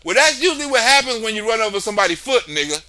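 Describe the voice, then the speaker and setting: A man riffing on a casual political livestream in a loud, excitable, profane way. His voice sits high and sounds sharp and very bright. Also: rapid-fire. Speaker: livestream host.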